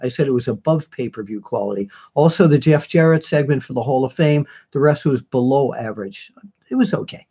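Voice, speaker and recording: Give me a man hosting a casual live show, rambling through viewer comments in a relaxed, mellow voice. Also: medium pitch, a little fast, breathy edge. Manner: chatty, rambling, with many fillers and self-corrections. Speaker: host of a live online wrestling show.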